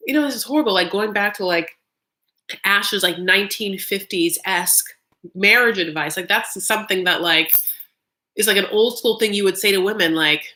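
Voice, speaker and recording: This woman hosts a live reaction stream at a normal pace, her medium-pitched voice pushed and bright. Her casual commentary is chatty and sassy, packed with filler words like "like" and "honey."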